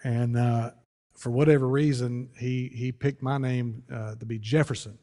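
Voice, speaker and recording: A pastor telling a story in a folksy, conversational sermon, with frequent restarts. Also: male voice, mid-range voice, steady tone, a little slow, dark tone. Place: church sanctuary. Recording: long church reverb.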